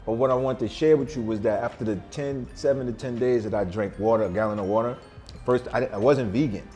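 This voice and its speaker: A man's voice: medium pitch, steady tone, quick pace, warm tone, faint music behind. A middle-aged man, a vegan chef guest, talking in an emphatic, slangy, boastful way in a casual interview at a restaurant.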